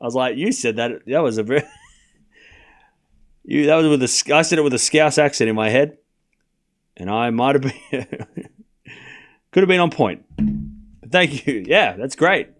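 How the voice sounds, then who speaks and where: A man's voice: mid-range voice, expressive, normal speed, long pauses. A young man hosting a live tennis watchalong, chatting casually with his stream chat and calling the score in a rambling way. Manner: chatty, rambling, with fillers and restarts.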